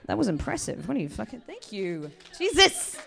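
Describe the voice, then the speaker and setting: A woman's voice: medium pitch, huge pitch swings, moderate pace, vocal fry. A young woman doing live stand-up comedy in a chatty, self-mocking way, full of stumbling restarts. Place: live comedy venue with an audience.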